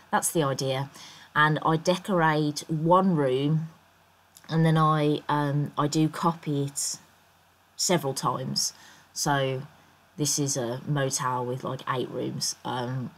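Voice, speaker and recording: A woman chatting through a game build in her croaky morning voice, rambling and thinking aloud with plenty of ums. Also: very deep voice. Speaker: Sims builder and YouTuber. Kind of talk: casual voice-over commentary on a speed build.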